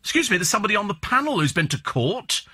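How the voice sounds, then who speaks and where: A man hosts a talk radio show from a studio microphone, his husky voice swinging up and down in lively arcs. His tone is bright and edgy as he rambles through opinionated, sardonic gossip. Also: high-pitched, fast talker. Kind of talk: casual chat and celebrity gossip commentary.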